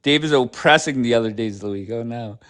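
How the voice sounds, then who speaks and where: Quick-paced with a medium pitch and fairly bright tone, a man runs a live stream full of casual chat. He's sarcastic and blunt, and he swears a lot.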